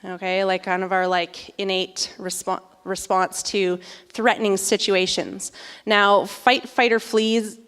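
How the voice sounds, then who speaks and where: A woman in her thirties giving a sermon, telling a lively, chatty story full of "like"s. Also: medium pitch, clean tone. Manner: animated, chatty storytelling with many "like"s. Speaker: speaker at a church service. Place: church sanctuary. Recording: long hall reverb.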